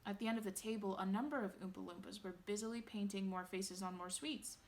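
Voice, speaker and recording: A woman reading a bedtime story aloud, lively and expressive. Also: mid-range voice, quick pace.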